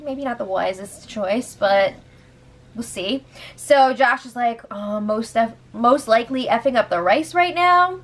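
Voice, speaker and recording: Giggly, animated young woman recapping. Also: a little high. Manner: animated, giggly, sarcastic asides. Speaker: show update host. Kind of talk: casual recap chat.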